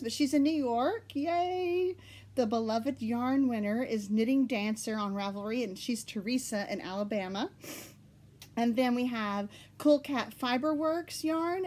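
Woman host, Oklahoma accent, bright higher voice, giggly and excitable, casual home podcast chat.

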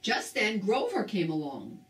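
An older woman reading a children's book aloud with slow, expressive storytelling. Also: mid-range voice, a little hiss or hum. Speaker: storybook reader. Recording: roomy, distant mic.

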